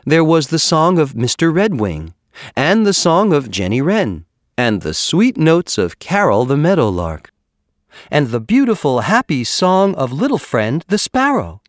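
A man reading a children's animal story aloud with an expressive, measured storytelling manner. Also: on the high side, no room sound, clean studio sound. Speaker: narrator. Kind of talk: storybook narration.

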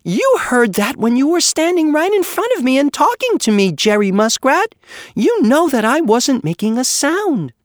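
A man voicing an excitable male jay bird protesting his innocence in a storybook reading. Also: extremely high pitch, moderate pace, no room sound, clean studio sound, pitched above the performer's own voice.

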